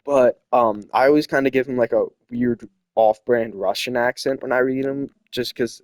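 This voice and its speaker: A man's voice: mid-range voice, steady tone, moderate pace, no room sound. A young man hosting a casual opinion chat, rambling and opinionated with lots of fillers. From not from South America. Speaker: host.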